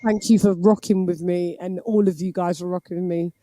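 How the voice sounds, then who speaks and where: A woman's voice: lowish voice, fairly even intonation, brisk, dark tone, no echo. A woman hosting a casual live boxing call-in stream, playful and giggly, teasing her viewers and dropping in Spanish phrases.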